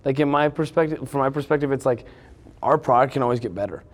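A man being interviewed as a company co-founder, talking eagerly in casual chat and leaning on filler words. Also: medium pitch. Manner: eager, rapid, full of "like" fillers. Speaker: company co-founder, podcast guest.

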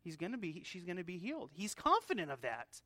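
A man's voice: sits high, huge pitch swings, fast talker, pushed and bright, dry recording. A male pastor preaching an expository sermon in an earnest teaching manner, often restarting and repeating words. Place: church.

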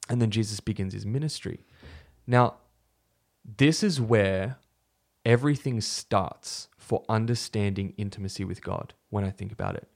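A man co-hosting a faith podcast, retelling a story from scripture in a relaxed, conversational way with fillers and restarts. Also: on the low side, moderate pace, gravelly. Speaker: podcast co-host.

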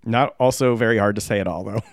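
Low-voiced man in joking music chat. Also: fast, no room sound, clean studio sound. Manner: jokey, laughs often. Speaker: podcast co-host. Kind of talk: casual music review chat.

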